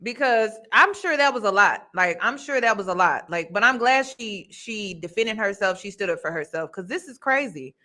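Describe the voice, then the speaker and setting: A woman hosting a commentary channel, reacting casually with emphatic, drawn-out phrases. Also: mid-range voice, expressive, pushed and bright.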